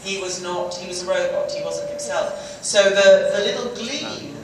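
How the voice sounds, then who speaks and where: A woman's voice: medium pitch, normal speed. A woman answering fan questions as a guest actress, chatty and laughing, often breaking off mid-sentence. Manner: chatty, laughing, self-interrupting. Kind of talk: fan convention Q&A. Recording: echoey hall recorded from far off with noise.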